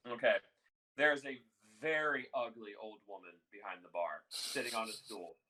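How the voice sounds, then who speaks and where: A man's voice: fairly low pitch, lively intonation, moderate pace, pushed and bright, slight background noise, rough recording. A man narrating as game master in a casual, rambling way. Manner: casual, lots of fillers and restarts.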